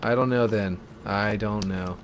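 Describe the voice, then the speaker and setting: Low-voiced man streaming and thinking aloud. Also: fairly even intonation, measured pace, slight background noise. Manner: thinks aloud while working, chatty and self-mocking. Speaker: live streamer building a game map. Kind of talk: casual live-stream commentary.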